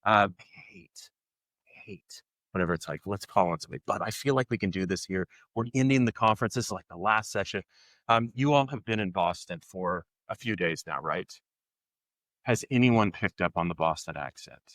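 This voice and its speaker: A man's voice: deep voice, moderate pace, fairly bright tone, no room sound. A man hosting a podcast live at a conference, joking and upbeat as he leads the audience. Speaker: podcast host. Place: conference session room.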